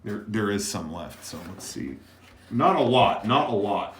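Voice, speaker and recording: A man's voice: fairly low pitch, sing-song, unhurried, a little hiss or hum. A man hosting a casual livestream from an editing room, rambling and chatty to the viewers. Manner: rambling, chatty, with many fillers and restarts. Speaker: livestream host. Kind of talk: casual chat to a live chat.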